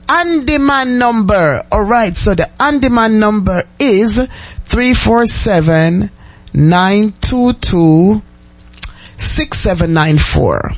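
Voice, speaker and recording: A man's voice: high-pitched, no echo. A man with a Jamaican accent hosting a gospel radio show, chatting casually, reading listener messages and repeating phrases. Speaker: radio host.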